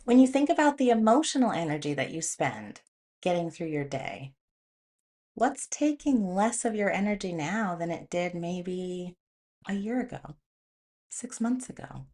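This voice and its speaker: A woman's voice: on the low side, very animated, measured pace, a little mellow. A woman hosting a motivational talk, speaking in a conversational way and telling stories with animation. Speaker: host.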